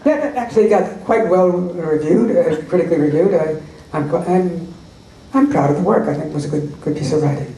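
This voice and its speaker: Man, convention panel guest, wry anecdotal storyteller, fairly high voice, distant echoey hall capture. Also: brisk, mellow, slight background noise. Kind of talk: audience Q&A at a fan convention. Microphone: recorded from the audience. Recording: echoey hall recorded from far off.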